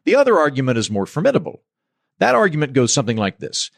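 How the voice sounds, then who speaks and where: A man's voice: a little high, huge pitch swings, quick pace, gravelly, dry recording, studio quality. A man hosting a podcast, delivering a scripted monologue in a wry, sardonic way. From United States. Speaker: podcast host.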